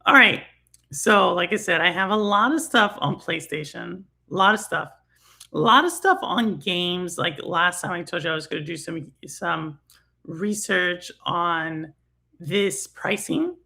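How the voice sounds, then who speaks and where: A woman's voice: fairly low pitch, expressive, unhurried, vocal fry, sharp tone. A middle-aged woman from Texas with a Texan accent, hosting a casual gaming talk stream and rambling with lots of fillers and laughs. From Houston, Texas. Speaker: livestream host.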